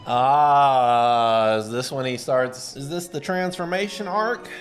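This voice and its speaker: A man streaming live, reacting casually and excitably while he reads, swearing freely and breaking into sudden shouts. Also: mid-range voice, slow, soft background music.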